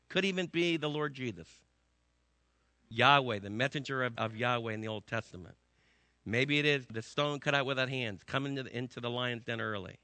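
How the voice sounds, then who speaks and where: A man preaching a sermon to a congregation, telling a story with emphatic swings between loud and hushed delivery. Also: mid-range voice, normal speed, no echo. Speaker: pastor.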